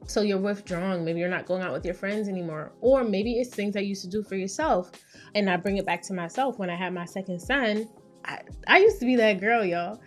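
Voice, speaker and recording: A woman in her thirties hosts a podcast as a therapist and talks at a medium pitch. Her delivery is chatty and conversational, and she slips into quick voices for the people she quotes. Faint music plays underneath her. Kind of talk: casual advice monologue.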